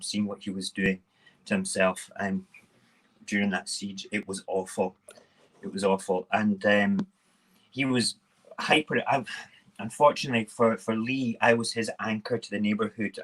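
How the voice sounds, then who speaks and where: A man's voice: fairly low pitch, a bit bright, husky. A man hosting a casual morning live stream, chatting loosely to viewers and rambling through stories while making breakfast.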